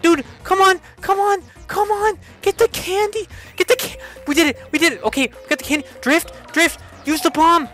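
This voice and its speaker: A young man giving excitable, swearing commentary while playing a kart racing game, often jumping up into high yelps. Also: moderate pace, hardly any pauses, faint music behind. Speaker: gaming channel host. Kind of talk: let's play commentary.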